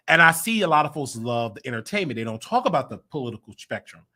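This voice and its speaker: Lively American man hosting a livestream. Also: mid-range voice, a little fast. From United States. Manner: animated, frequent throat-clearing, chatty asides to viewers. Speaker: show host. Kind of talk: livestream commentary talking to the chat.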